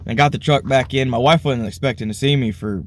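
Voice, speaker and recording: A man's voice: medium pitch, brisk. A man from Alabama, rambling earnestly through a personal faith testimony, married with a family. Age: adult, married with kids. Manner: rambling, earnest, heavy on "you know". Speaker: vlogger sharing a faith testimony. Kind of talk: casual spoken testimony.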